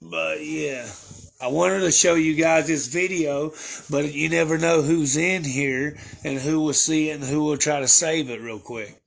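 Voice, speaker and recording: Gravelly-voiced man rambling to his viewers. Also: fairly high pitch, unhurried. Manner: rambling storytelling with crude slang and fillers. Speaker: livestreamer. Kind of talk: casual chat to viewers.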